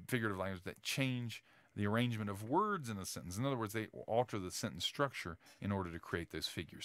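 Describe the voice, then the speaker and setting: A man's voice: lowish voice, fairly bright tone, dry recording. Man giving a chatty writing lecture. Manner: casual, many fillers and restarts, checks in with "right?". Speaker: teacher.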